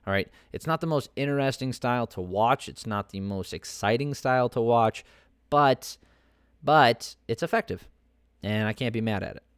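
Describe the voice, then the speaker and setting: A man's voice: mid-range voice, moderate pace, smooth, no room sound, clean studio sound. A man hosting a podcast, giving casual, opinionated fight commentary that rambles with many fillers and restarts. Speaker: podcast host.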